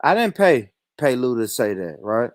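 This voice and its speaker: A man's voice: mid-range voice, big pitch swings, normal speed, no echo, clean studio sound. A man hosting a livestream, ranting in a heated, profane, repetitive way. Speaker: livestream host.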